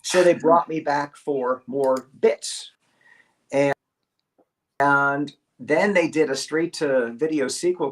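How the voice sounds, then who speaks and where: A middle-aged man, a guest voice actor, telling a casual anecdote over a video call and acting out the quotes and squeaks. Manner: animated storyteller, acts out quotes and squeaks.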